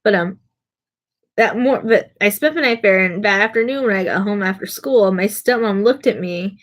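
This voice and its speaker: A woman's voice: medium pitch, moderate pace. A young adult woman streaming to her viewers, with an ordinary mid-range voice. She rambles from one story to the next, mocks herself and laughs as she talks. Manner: rambling, self-mocking, laughs through her stories. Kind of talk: casual storytelling.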